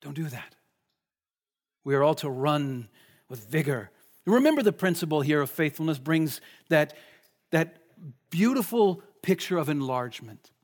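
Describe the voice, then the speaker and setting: A man's voice: fairly high pitch, lively intonation, a little slow, pauses often. A man preaching a sermon in a conversational way, often asking the listeners questions. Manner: conversational, asks the congregation questions.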